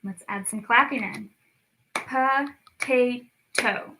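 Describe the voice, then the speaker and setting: A young woman leading a children's lesson, stretching words out slowly and cheering the kids on. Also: a little high, expressive, noisy background. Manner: slow, drawn-out words for children, encouraging. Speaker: speech clinic storytime teacher. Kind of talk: children's lesson, clapping out syllables.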